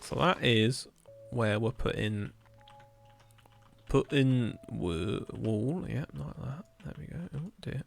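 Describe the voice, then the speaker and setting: Gravelly man chatting on a stream. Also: medium pitch, animated, takes it slowly, a little hiss or hum. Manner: rambling, joking, darkly humorous. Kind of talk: casual chat while gaming.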